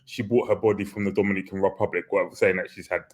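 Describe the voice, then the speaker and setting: A man co-hosts a podcast in loose, casual chat. His voice is husky. He hesitates and restarts often. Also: sits low, flat delivery, fast talker. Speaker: podcast host.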